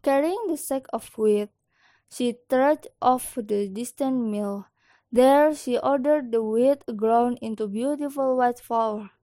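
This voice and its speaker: A woman reading a children's story aloud in a gentle, expressive way. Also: a little high, slow pace, no echo.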